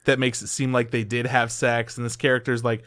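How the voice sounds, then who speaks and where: A man's voice: mid-range voice, flat delivery, a little fast, a bit bright. Enthusiastic male podcast co-host. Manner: enthusiastic recapping, frequent "like" and swearing. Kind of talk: casual anime podcast chat.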